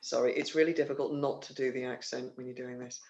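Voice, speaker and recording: A man's voice: mid-range voice, steady tone, fast talker, a little mellow, highs cut off. A man hosting an online theatre livestream, chatty and rambling, with many fillers and restarts, talking over a video call. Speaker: theatre company host. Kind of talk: casual livestream announcements.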